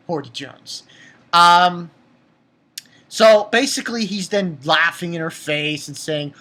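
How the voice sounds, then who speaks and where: A young woman with a low, husky voice rambles through an anime episode recap. She talks casually, restarts her sentences often and swears now and then, in a loose spoken review. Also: animated, takes it slowly, fairly bright tone.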